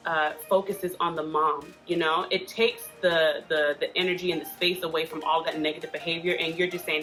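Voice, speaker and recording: Woman host chatting advice, kinda low voice but bright and punchy, lots of "right?". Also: flat delivery, moderate pace, few pauses, faint music behind. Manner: chatty, earnest, with frequent "right?" and "um". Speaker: host giving parenting support advice. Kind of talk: casual advice talk.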